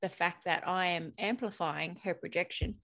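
A woman's voice: on the low side, normal speed. A woman, hosting a casual conversation and telling stories with frequent laughter. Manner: animated storyteller, laughs often.

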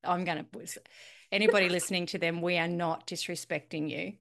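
A woman hosting a casual podcast, chatty and quick to laugh. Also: lowish voice, fairly even intonation, gravelly. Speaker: podcast host.

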